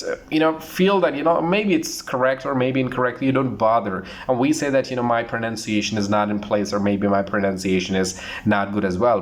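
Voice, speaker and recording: Earnest man teaching pronunciation. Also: medium pitch. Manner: earnest, repetitive, slows down to model words. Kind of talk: online pronunciation lesson.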